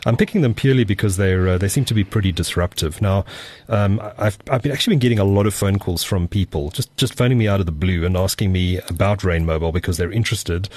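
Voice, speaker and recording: A man's voice: low-pitched, fast, hardly any pauses, a little mellow. A man hosting a casual tech podcast, talking with lots of fillers and restarts. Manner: hesitant, many fillers and restarts. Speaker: podcast host.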